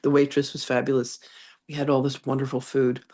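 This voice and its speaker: This congested woman speaks fairly quickly in an extremely low register. A reverend and psychic medium, she tells chatty, lively stories punctuated by frequent laughter, then moves on to reading a channeled message as a spiritual lesson.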